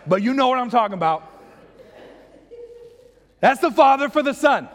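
A man preaching a sermon as pastor, casual and animated, breaking into excited high-pitched voices to act out lines. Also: normal speed, pauses often. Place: church hall. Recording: long hall reverb.

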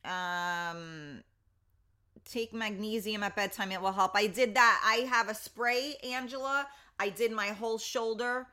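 A woman's voice: mid-range voice, measured pace, bright, forceful tone. Chatty woman hosting a live stream. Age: 50s. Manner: chatty, reads comments aloud, many fillers. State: in pain and a bit foggy. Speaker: livestream host. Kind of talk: casual live chat greeting viewers.

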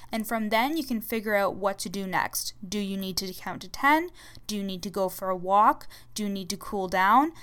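A woman hosts a self-help podcast with a smooth, clear voice. She speaks calmly and earnestly, offering encouragement the way a life coach does. Her voice sits at an ordinary middle pitch.

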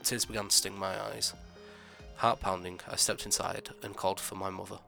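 Male horror narrator, gravelly, bright and forceful, measured and dramatic. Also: low voice, flat delivery, faint music behind. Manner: measured, dramatic first-person telling.

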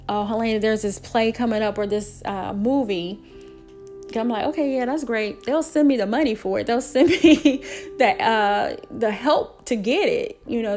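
A woman's voice: mid-range voice, darkish tone. A middle-aged single mother speaking candidly and emphatically about her parenting rules, in casual talk. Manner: candid, emphatic, acts out quotes in a raised voice.

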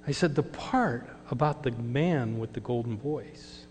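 A man's voice: medium pitch, measured pace, few pauses, a little mellow. A man giving a sermon testimony, storytelling and acting out the dialogue. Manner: storytelling, acts out quoted dialogue. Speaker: lay speaker giving testimony. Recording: reverberant hall with mains hum.

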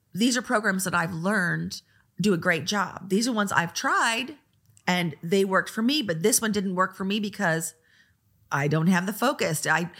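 A woman who teaches a design course, talking casually about what her lessons cover, with lively acted asides. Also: medium pitch. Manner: chatty, restarts often, lively acted asides. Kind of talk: casual talk to camera.

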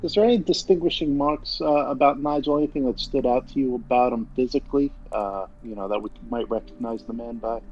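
A gravedigger investigator in a tabletop horror game, asking careful questions with hesitant pauses, as a man plays him. The voice comes through a dull, lo-fi mic. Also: mid-range voice, darkish tone, close to an everyday voice. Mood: probing. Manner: hesitant, filler-laden questioning. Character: gravedigger man, steady and probing.

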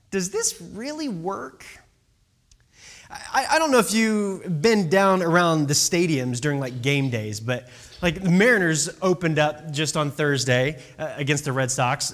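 A man's voice: sits high, a bit bright. A man telling a story in a casual, chatty way, full of fillers and "right?" asides.

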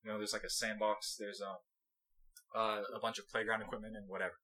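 A man's voice: on the low side, little pitch movement, fast talker, bright, forceful tone, poor audio. A young man hosting a podcast, telling a rambling story in casual chat, laughing and acting out the voices of people in it. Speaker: podcast host.

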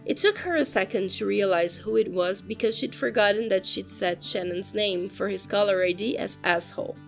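A woman narrating a story in a steady, even audiobook style. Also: medium pitch, normal speed, gravelly, faint music behind.

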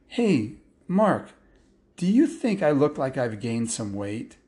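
A man's voice: medium pitch, big pitch swings, takes it slowly, a little mellow. A man voicing a worried mother who is fishing for reassurance. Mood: anxious.

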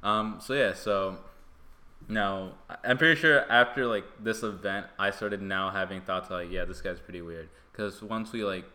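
A man's voice: fairly low pitch, moderate pace, bright, forceful tone. A man telling a story in casual podcast chat, rambling and filling his speech with "like" and "you know".

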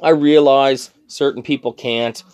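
A man's voice: medium pitch, fairly even intonation, unhurried, darkish tone, dry recording. A drunk man ranting angrily about a customer, swearing constantly and stammering through restarts. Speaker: thrift shop worker. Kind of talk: angry profane rant.

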